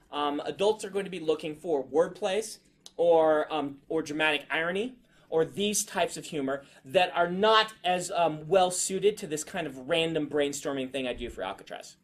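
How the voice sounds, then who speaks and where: A man's voice: a little high, moderate pace. A man leading a writing class in a classroom, chatting casually with students and using many fillers. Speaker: writing instructor. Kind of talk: classroom lecture and discussion.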